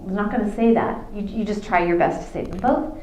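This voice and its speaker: A woman's voice: mid-range voice, brisk, a little mellow, slight background noise. A middle-aged woman, telling a faith story to a youth audience and acting out the dialogue. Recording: echoey room.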